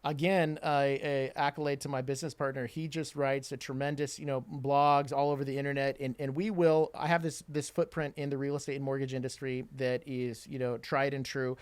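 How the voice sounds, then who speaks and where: A man's voice: medium pitch, little pitch movement, fairly quick, hardly any pauses, clean tone, no echo. A middle-aged man, an insurance agency owner, talking as a guest on a podcast. He explains things at length and keeps adding "right?" to check in. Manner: explains at length, with frequent "right?" tag questions. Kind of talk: casual podcast conversation.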